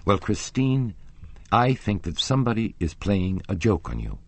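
A grave, bewildered young nobleman from a storybook, speaking low and hesitantly, as a man reads his part. The voice is deep and husky, with a dry, close sound. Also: very animated, moderate pace, no echo.

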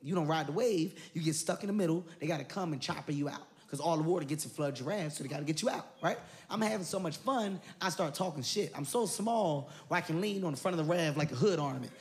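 A male comedian telling a story on stage, animated and breaking into shouted quotes. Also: fairly high pitch, fast talker. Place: comedy stage before an audience.

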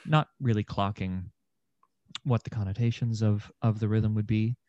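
A man's voice: lowish voice, steady tone, moderate pace, dark tone, no echo, muffled recording. A young man, an actor and podcast guest, talking through ideas in a thoughtful, meandering way with many fillers. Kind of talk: casual conversation.

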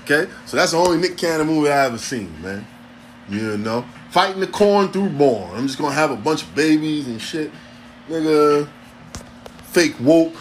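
A man's voice: fairly high pitch, expressive, normal speed, a little hiss or hum. A man, hosting a podcast in a blunt, profane, streetwise ranting monologue. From New York City. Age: 40s. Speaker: podcast host.

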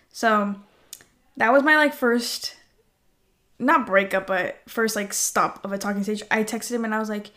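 Young woman chatting about dating, giggly, lots of likes, kinda high voice. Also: a little slow, a bit bright. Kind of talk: casual chat.

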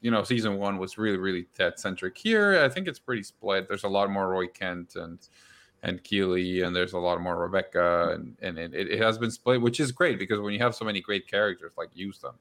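A man's voice: deep voice, fairly quick, a bit bright. A man hosting a podcast, chatting casually about a TV show, rambling with frequent restarts. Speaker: podcast host. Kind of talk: casual chat.

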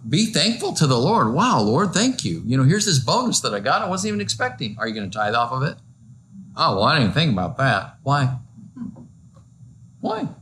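Lively-voiced male pastor, chatty sermon. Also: medium pitch, a little hiss or hum. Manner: conversational and joking, full of rhetorical questions.

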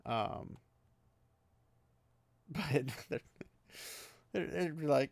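A man's voice: medium pitch, lively intonation, drawn-out words, gravelly, long pauses, dry recording. A man casually recapping a fantasy book chapter, rambling with many fillers and small laughs.

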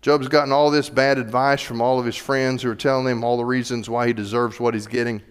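A male pastor preaching a sermon in a church, animated, building to loud emphatic peaks. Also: mid-range voice, fairly quick, smooth. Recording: reverberant hall.

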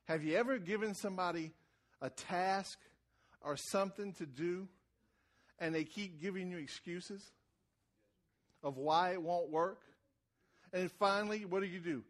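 A high-voiced man preaching a sermon to a congregation. He talks in an easy, conversational way and repeats words as he starts phrases. He climbs to loud, shouted emphasis. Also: unhurried, long pauses. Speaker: pastor.

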